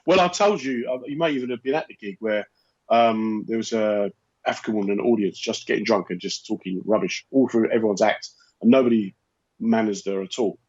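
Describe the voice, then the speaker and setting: A man co-hosting a casual chat show, telling comedy-club stories with lively animated delivery. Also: lowish voice, brisk, dull audio. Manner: animated anecdote telling, acting out exchanges. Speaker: co-host and comedian.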